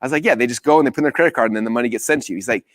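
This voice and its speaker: A man's voice: medium pitch, rapid-fire, fairly bright tone. A man in his thirties giving a live business training, telling stories energetically and acting out the dialogue. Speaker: business coach.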